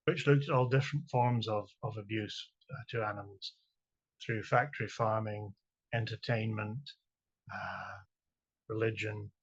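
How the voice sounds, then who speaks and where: Husky Scottish poet reading his verse. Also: on the low side, fairly even intonation. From Scotland. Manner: halting, repeats words while explaining, slow chant-like delivery of verse. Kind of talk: poetry reading with spoken introductions. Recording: dull lo-fi recording.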